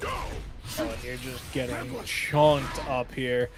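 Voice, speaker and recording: A man with a mid-range voice gives relaxed, analytical color commentary on a fighting game tournament, filling his sentences with the odd "you know". Faint music plays beneath him. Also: mid-range voice, slow pace. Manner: relaxed, analytical, many fillers.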